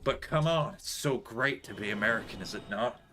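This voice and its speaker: A man's voice: low voice, flat delivery, fast, fairly bright tone, a little hiss or hum, pitched below the performer's own voice. A man putting on a brash rural American guy. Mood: boastful. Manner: jokey caricature voice.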